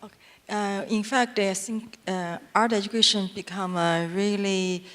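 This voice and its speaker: A woman from China speaking English with a Chinese accent as an artist on a panel, halting with many fillers. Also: medium pitch, steady tone, a bit bright.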